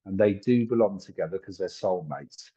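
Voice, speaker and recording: A man's voice: sits low, animated, normal speed, mellow, slightly rough, dull audio. A man doing a live psychic reading, chatty and apologetic, thinking aloud with lots of fillers. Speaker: psychic medium.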